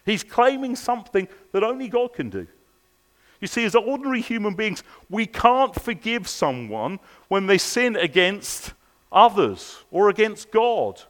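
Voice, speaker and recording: A man's voice: high-pitched, big pitch swings, unhurried, fairly bright tone. A man preaching a sermon at a church service, earnest and pressing his listeners with repeated rhetorical questions. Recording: long reverb of a large hall.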